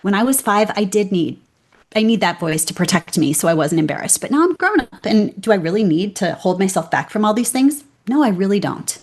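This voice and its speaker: Animated woman guest acting out inner voices. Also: mid-range voice, a little fast. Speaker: guest, keynote speaker. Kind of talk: conversational interview.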